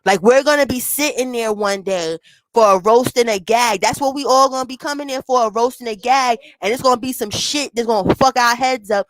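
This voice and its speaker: A woman's voice: fairly high pitch, brisk, no echo, rough recording. A woman doing reaction commentary, blunt and profane, speaking emphatically. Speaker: commentary streamer.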